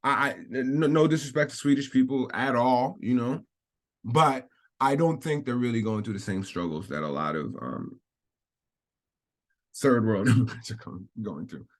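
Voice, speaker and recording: A man doing off-the-cuff vlog commentary, reading lines from an article and then riffing on them at length. He rambles and restarts, doubles back to qualify what he said, and laughs often. His voice sits at an ordinary middle pitch for a man. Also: moderate pace. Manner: rambling, repetitive, hedging, frequent laughs. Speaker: commentary vlogger. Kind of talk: casual commentary while reading out a news article.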